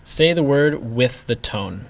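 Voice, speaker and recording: A man's voice: medium pitch, lively intonation, takes it slowly, creaky. A man teaching pronunciation, carefully demonstrating each sound. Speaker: language teacher. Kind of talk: pronunciation lesson.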